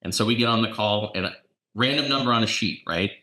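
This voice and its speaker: Deep-voiced man telling stories in an echoey room. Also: fast talker. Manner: animated anecdotes, repeats words. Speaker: real estate agent and coach. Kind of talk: casual storytelling.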